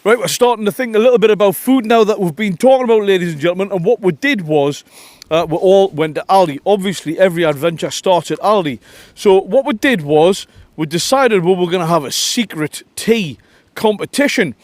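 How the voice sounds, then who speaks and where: Jokey high-voiced man hosting a vlog. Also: fairly quick, dry recording. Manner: jokey, addresses viewers as ladies and gentlemen. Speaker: vlog host. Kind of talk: casual vlog presenting. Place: outdoors at a windy campsite.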